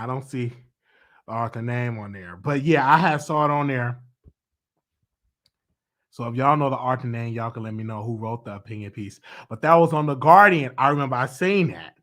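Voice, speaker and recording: A man's voice: mid-range voice, a bit bright. A man with a Southern US accent hosting his own show, chatting casually and playfully with laughing asides. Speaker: show host. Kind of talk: casual solo commentary.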